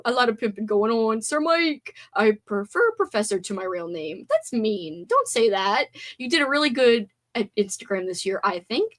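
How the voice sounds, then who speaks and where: A woman's voice: fairly high pitch, expressive, normal speed. A woman hosting a livestream, chatting casually, reading viewer comments aloud and grumbling with playful swearing. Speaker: livestream host.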